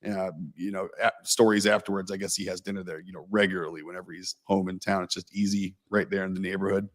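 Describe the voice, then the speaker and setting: Man, low voice, casual livestream storyteller, rambling and self-deprecating. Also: flat delivery, fast talker. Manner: rambling, self-mocking anecdote with lots of fillers. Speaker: co-host telling a story.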